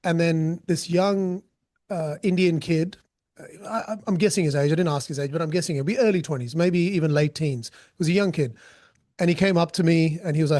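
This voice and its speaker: A man's voice: fairly high pitch, moderate pace, a little mellow. A man, a guest telling stories in a candid, joking, rambling way. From Australia. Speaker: guest, street interviewer. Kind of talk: casual storytelling interview.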